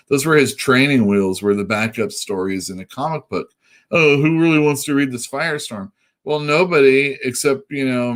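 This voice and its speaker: A man hosting a comic shop show, chatting casually about comic books and rambling with lots of fillers and restarts. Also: medium pitch. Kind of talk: casual chat.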